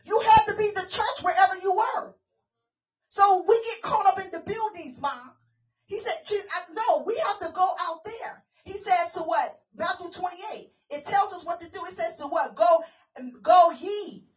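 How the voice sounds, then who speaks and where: A woman apostle giving an informal, animated sermon, often asking the congregation "what?" to finish her lines. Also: very high voice, normal speed, recorded from a distance, dull audio. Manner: call-and-response questions, animated storytelling. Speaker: apostle preaching.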